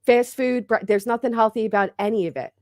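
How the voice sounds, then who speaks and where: A woman's voice: fairly high pitch, steady tone, a little fast, darkish tone, no echo, studio quality. A woman in her thirties hosting a livestream, bantering casually with her chat in a brash, teasing way and swearing freely. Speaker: livestream host.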